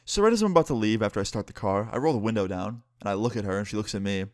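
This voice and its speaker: A young man with a lowish voice tells a storytime to his channel. He talks in a loose, excited way and swears freely. The recording is dry and close, with no room sound. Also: rapid-fire, dry recording. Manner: casual, profane, excited retelling. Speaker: YouTuber. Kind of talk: storytime monologue.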